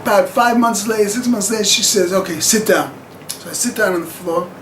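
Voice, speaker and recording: A man's voice: high voice, fairly quick, echoey room, a little hiss or hum, low-quality recording. A man telling a personal story to camera in a rambling, chuckling way with plenty of fillers.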